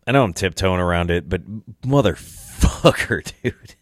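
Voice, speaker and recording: A man's voice: low-pitched, animated, unhurried, no room sound, studio quality. A young man hosting a solo podcast, tired and tipsy, rambling casually and swearing a lot. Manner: rambling, profane, laid-back. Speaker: podcast host.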